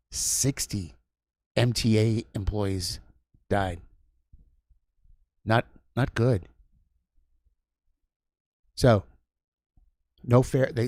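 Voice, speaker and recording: A man's voice: mid-range voice, darkish tone, no echo, studio quality. A man hosting a livestream, telling a long story in a casual, rambling way with many restarts and asides. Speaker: livestream host. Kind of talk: casual chat.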